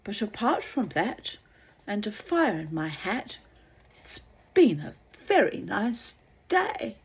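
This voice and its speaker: A woman's voice: medium pitch, sing-song, slow, breathy edge. A middle-aged woman reading aloud and rambling in wry asides, sometimes dropping to a whisper. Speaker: reader.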